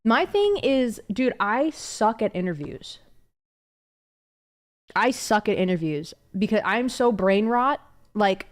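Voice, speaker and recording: A young adult woman livestreaming, rambling casually to her chat with many fillers and curse words. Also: mid-range voice.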